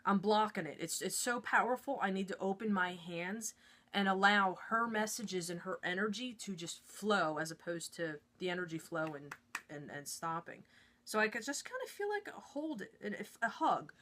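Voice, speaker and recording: A woman talks viewers through an energy exercise in her own studio, in a chatty, informal way. She is an intuitive card reader and Reiki practitioner who keeps checking in with "okay?" and fills her talk with "like." Her voice sits at an ordinary middle pitch. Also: expressive, normal speed, a bit bright, a little hiss or hum. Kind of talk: casual step-by-step teaching to camera.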